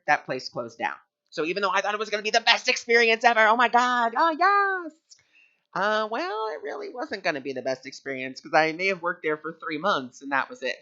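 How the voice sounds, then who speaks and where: Male spiritual host, chatty and bright-toned, muffled lo-fi recording. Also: fairly high pitch. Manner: chatty, with frequent fillers. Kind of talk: casual spiritual talk with personal story. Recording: dull lo-fi recording.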